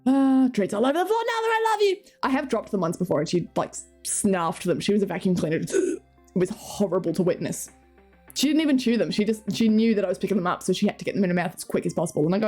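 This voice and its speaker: Giggly, lively-voiced woman streamer. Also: mid-range voice, fast, faint music behind. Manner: chatty and giggly, reading chat and talking to her cats. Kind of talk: casual live-stream chat.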